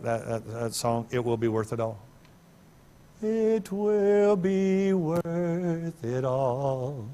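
Man preaching, loud animated bursts. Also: lowish voice. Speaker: pastor. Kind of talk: sermon. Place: church sanctuary.

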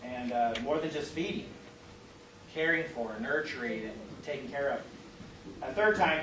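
A man's voice: mid-range voice, normal speed, a bit bright. A man with a Midwestern American accent, a pastor leading an interactive Bible class, speaking conversationally with many fillers and questions put to the group. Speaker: pastor teaching a Bible study. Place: church classroom. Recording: roomy, distant mic, faint hiss.

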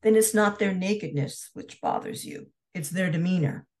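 A woman's voice: fairly low pitch, moderate pace, darkish tone, natural voice. A woman reading a cocky, goading merchant man. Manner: goading, blunt.

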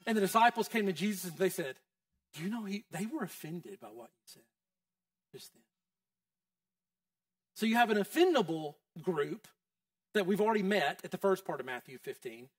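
Man, pastor, conversational sermon, high and lively, distant dry mic. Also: moderate pace, pauses often, dry recording. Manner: conversational, quizzing the congregation. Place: church.

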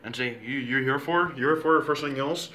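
A man chatting playfully in a home video, halting and repeating himself while making up silly introductions. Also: mid-range voice, pushed and bright, slight background noise.

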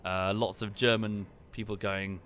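A man casually commenting on a live game stream and explaining history at length in a relaxed, wry way. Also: fairly low pitch, a little slow, a little hiss or hum.

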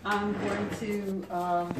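A woman's voice: mid-range voice, flat delivery, extremely slow. A woman cooking at home, chatting through each step of a recipe while her mouth is still numb from the dentist. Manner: chatty, explains each step as she goes. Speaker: home cook. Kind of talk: casual cooking demonstration. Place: home kitchen. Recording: home kitchen clatter and noise.

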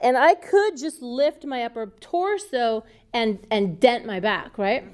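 A woman leads a yoga teacher training, calling out posture cues in a playful, upbeat way. Her voice sits high and swings widely in pitch. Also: lively intonation, slow. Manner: upbeat, playful, cue-giving.

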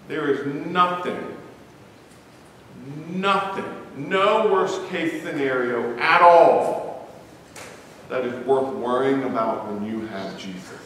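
A man's voice: mid-range voice, lively intonation, slow, a bit bright, slight background noise. A man preaching a sermon to his congregation, emphatic and stressing single words. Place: church sanctuary. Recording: echoey church hall, mic at a distance.

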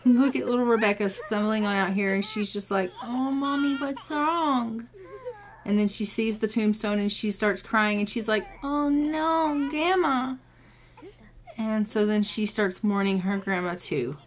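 A woman's voice: medium pitch, steady tone, normal speed, hardly any pauses, slight background noise. A woman giving casual gameplay commentary, chatting viewers through each step of what she is doing. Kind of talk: casual let's-play commentary.

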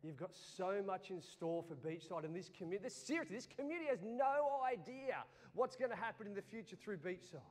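A man preaching a sermon in an animated style, going from loud to hushed. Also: high voice, fairly quick, hardly any pauses. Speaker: pastor. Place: church hall. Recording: long church reverb.

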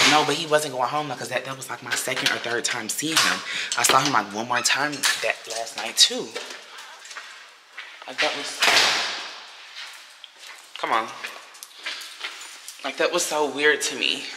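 A young woman chats straight into her phone for her vlog, blunt and loose with the swearing. Her voice rings off the walls around her. Steady background noise sits under her talk. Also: a bass voice, moderate pace, long pauses, roomy sound. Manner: chatty, blunt and heavily profane. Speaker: vlogger. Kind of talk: casual vlog chat. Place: apartment, then out shopping.

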